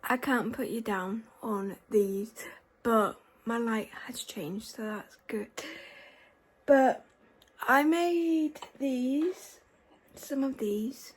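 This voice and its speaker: A young woman with a croaky voice, chatting in a rambling way as she vlogs from her bedroom. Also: fairly high pitch, extremely slow. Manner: rambling and chatty, with emotional swings. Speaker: vlogger. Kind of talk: casual chat.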